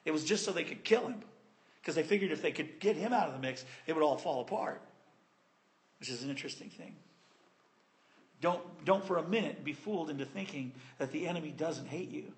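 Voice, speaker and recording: A man preaching a sermon in an animated, conversational and playful way. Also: fairly high pitch, a little fast.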